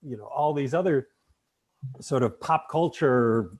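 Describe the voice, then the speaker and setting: A man guesting on a casual chat, speaking haltingly with many pauses and fillers. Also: medium pitch, darkish tone, husky. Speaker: podcast guest.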